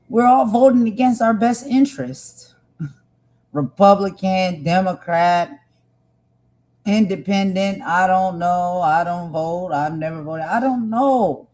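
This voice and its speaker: A woman whose voice is low and dark hosts a livestream. She speaks directly to her viewers with earnestness and passion, giving emotional commentary.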